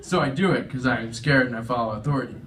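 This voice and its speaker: A man's voice: mid-range voice, quick pace, recorded from a distance, background noise. A young man doing a self-deprecating stand-up comedy set on stage, chuckling at his own jokes and acting out voices. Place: veterans' hall stage.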